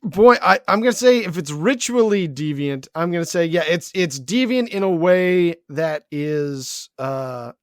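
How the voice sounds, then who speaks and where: High, bright wisecracking man, dry recording. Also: expressive, unhurried, hardly any pauses, dry recording. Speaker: podcast co-host. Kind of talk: casual comedic chat.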